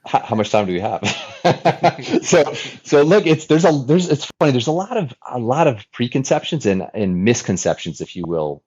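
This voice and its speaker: A man in his forties, a former fighter pilot, telling his story as a podcast guest in an animated, chatty way with many restarts. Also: mid-range voice, moderate pace, few pauses, breathy edge, dull audio. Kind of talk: casual storytelling interview.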